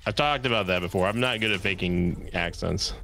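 A man's voice: low voice, brisk, gravelly, background noise. A man chatting while co-playing a video game on stream, giving dry, cautious short replies. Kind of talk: casual gaming chat.

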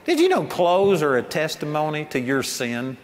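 Older male preacher, high-pitched voice, folksy and emphatic, long hall reverb with faint hiss behind. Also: huge pitch swings, normal speed. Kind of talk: sermon.

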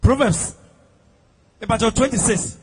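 A man's voice: very high voice, slightly rough. Ghanaian man reading scripture aloud. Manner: reads Bible verses aloud, quick and steady. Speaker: scripture reader in church.

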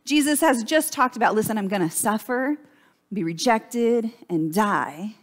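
A woman's voice: on the high side, expressive, unhurried. A woman pastor preaching a sermon in a church, in a chatty, conversational way and often checking in with "right?".

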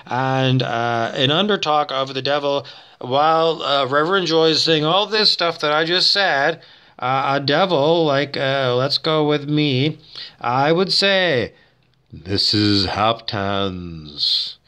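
A man's voice: on the high side, fairly even intonation, measured pace, pushed and bright, clear, resonant tone. A man hosting a talk show, rambling and digressing as he thinks aloud, with many fillers and restarts. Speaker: show host. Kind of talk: rambling casual monologue.

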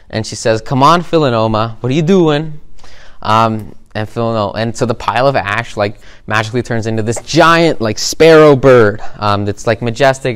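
A man's voice: medium pitch, smooth. A man coaching clients by retelling a story, loose and rambling with lots of fillers. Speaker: business coach. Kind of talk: casual teaching through storytelling.

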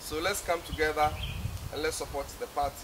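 A man's voice: a little high, fairly even intonation, a little fast, noisy background. A man with a Ghanaian accent giving a rallying speech at a party event, urging the listeners in call-and-response.

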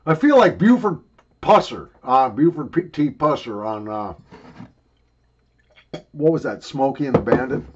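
A man's voice: mid-range voice, animated, measured pace, pauses often, lo-fi sound, slight background noise. An older man rambling and joking crudely while he talks around a wad of chewing tobacco in a casual review video.

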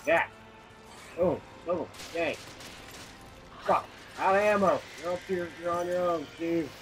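A man's voice: a little high, steady tone, slow, a bit bright, soft background music, rough recording. A young man co-hosting a casual let's play, crude and teasing, joking as he plays. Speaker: gaming co-host.

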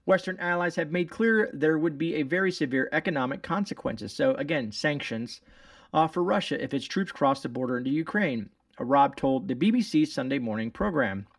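A man's voice: a little high, expressive, normal speed, no echo, clean studio sound, distant mic. A man hosting his channel, reading news articles aloud and commenting on them in a rambling, sarcastic way with many fillers and restarts. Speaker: channel host.

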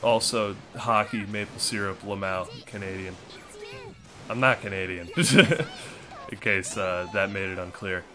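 A man's voice: fairly low pitch, fairly even intonation, measured pace, pushed and bright, faint music behind. A young man giving casual commentary on a puzzle game he is playing, with playful, sarcastic trash talk aimed at his opponent. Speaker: gaming streamer.

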